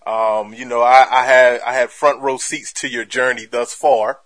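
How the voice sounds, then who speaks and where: A man's voice: medium pitch, fairly even intonation, moderate pace, a bit bright. A man hosting a comedy podcast, chatty and full of fillers, hyping up his guest. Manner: hype-man delivery, heavy fillers. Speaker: podcast host. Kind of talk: casual podcast chat.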